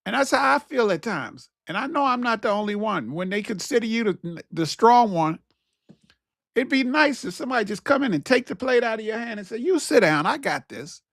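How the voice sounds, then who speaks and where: A man's voice: very high-pitched, animated, a little fast, creaky, fairly bright tone, no room sound, studio quality. A man hosting his own talk show, speaking in a casual, preachy monologue that repeats its key phrases. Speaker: podcast host.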